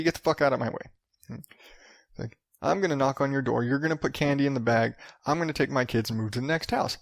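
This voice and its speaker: Man, 30s, podcast host, ranting, profane, gravelly voice, dry close recording. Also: mid-range voice, no room sound. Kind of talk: solo podcast rant.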